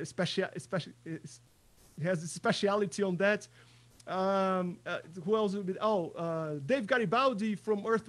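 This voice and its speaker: High-voiced drum teacher leading a webinar. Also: male voice. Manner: chatty, repeats words, counts in loudly over the track. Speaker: percussion teacher. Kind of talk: online drum workshop.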